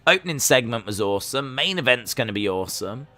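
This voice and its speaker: Bright-voiced man riffing casually. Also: mid-range voice, animated, fast talker, dry recording. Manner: casual, musing, rambling with fillers and restarts. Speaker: watch-along host. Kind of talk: live reaction commentary.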